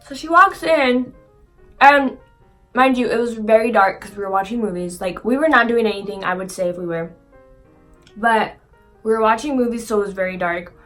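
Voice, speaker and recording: A young woman with a slightly high voice tells a story casually to her viewers. She fills her speech with "like", swears freely and acts out quoted lines. Faint music plays behind her. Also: normal speed, a bit bright. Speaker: vlogger. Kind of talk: casual storytelling while eating.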